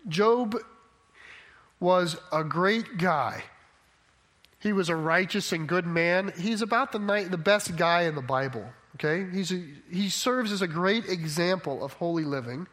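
A man with a notably high voice delivers a sermon in a relaxed, conversational way. He keeps checking in with his listeners as he explains his point. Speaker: preacher.

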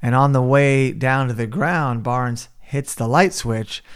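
A man's voice: medium pitch, takes it slowly, clear, resonant tone. A man co-hosting a podcast, casually breaking down a movie scene by scene and acting out the characters' lines. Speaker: podcast co-host.

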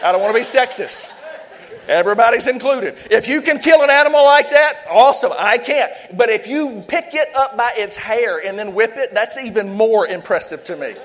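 A man's voice: very high voice, lively intonation, moderate pace. A man with a South Louisiana accent preaching a sermon as pastor, fervent and leading call-and-response. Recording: echoey hall, long reverb.

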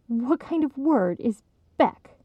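A woman's voice: sits high, animated, slow, dry recording, narrow, tinny audio, voice pushed up, full character voice. A woman voicing a stubborn, defensive young woman who snaps and scoffs.

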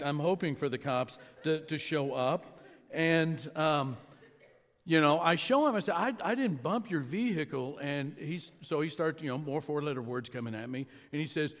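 Man preaching in a reverberant hall. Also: a little high. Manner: storytelling, conversational with pauses. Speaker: pastor. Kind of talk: sermon. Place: church sanctuary. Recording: long reverb of a large hall.

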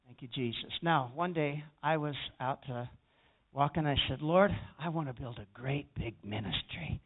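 Male pastor, storytelling sermon with emphatic swells, somewhat high voice, lo-fi phone sound. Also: normal speed. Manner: storytelling preacher, rising to emphatic peaks.

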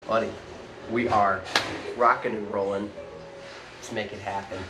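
A man's voice: lowish voice, little pitch movement, a little slow, over music. A man hosting a casual podcast in a coffee shop, upbeat and rambling with lots of fillers. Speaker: podcast host. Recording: echoey coffee shop with loud background noise. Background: coffee shop chatter.

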